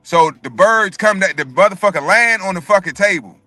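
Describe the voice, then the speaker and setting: Fast, bright-voiced man telling a story. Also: high voice, faint music behind. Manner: animated, profane, repeats words often. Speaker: podcast co-host telling a story. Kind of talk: casual storytelling chat.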